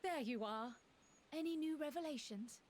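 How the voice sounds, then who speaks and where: Woman plays an inquisitive game character, higher voice, quiet and distant. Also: moderate pace, lightly acted. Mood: curious.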